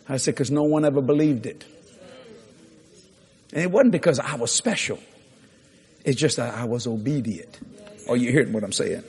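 A man preaching a sermon, telling a story with lively acted-out dialogue and repeating his key lines for emphasis. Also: medium pitch, moderate pace, long pauses, husky. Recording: long hall reverb.

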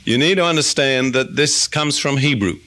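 Guy preaching, bright voice, easygoing teaching, slows down on the big words. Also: mid-range voice, lively intonation. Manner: conversational teaching, reads scripture aloud. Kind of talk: expository sermon.

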